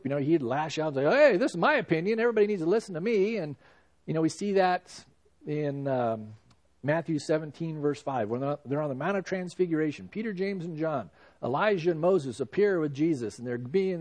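Man, pastor, sermon, conversational preaching, "you know" asides, somewhat high voice. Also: darkish tone.

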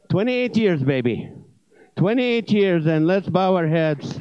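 Guy preaching, cracks jokes then gets earnest, bit high voice, dry muffled audio. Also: animated, normal speed, clean tone, dry recording. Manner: joking storyteller, then earnest teaching with restarts. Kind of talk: comedic sermon.

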